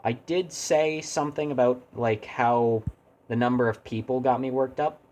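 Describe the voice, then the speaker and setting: At a normal speed and with fairly even intonation, a man with a mid-range, slightly mellow voice streams a video game over a little hiss or hum. He chats loosely, rambling and repeatedly cutting himself off to talk to his chat.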